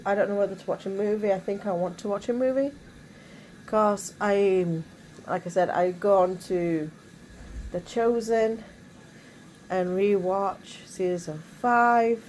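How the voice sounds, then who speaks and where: A woman's voice: mid-range voice, a little mellow, a little hiss or hum, rough recording. A woman chatting casually in her bedroom, rambling with many asides. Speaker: vlogger. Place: bedroom at home.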